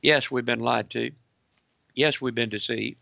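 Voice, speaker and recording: A man giving an emphatic political commentary broadcast, hammering points through repetition and reading articles aloud in a gravelly voice. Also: mid-range voice, fairly even intonation, a little slow, sharp tone, no echo, lo-fi sound.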